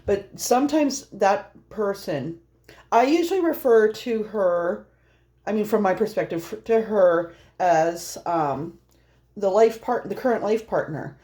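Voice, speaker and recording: A woman's voice: medium pitch, animated, measured pace, mellow. A woman doing a casual, rambling tarot reading, chatty and laughing often. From Norwegian heritage. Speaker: tarot reader.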